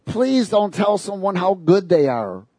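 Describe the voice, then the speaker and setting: A man preaching a sermon, lively and sarcastic, laughing between his points. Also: high voice, measured pace, no echo.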